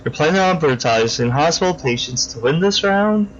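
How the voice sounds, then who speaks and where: A blunt, dry male hero, as a man plays him in a game, who gives flat, deadpan retorts with no fuss. The voice sits a little high for a man. The recording is dull and lo-fi, with faint hiss. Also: a little fast, close to an everyday voice.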